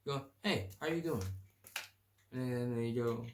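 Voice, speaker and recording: In an early-morning session from his home room, a man runs a casual solo podcast, rambling with crude humor and reading definitions aloud. He speaks in an unhurried, mid-range voice, and the recording is echoey with faint ambient noise.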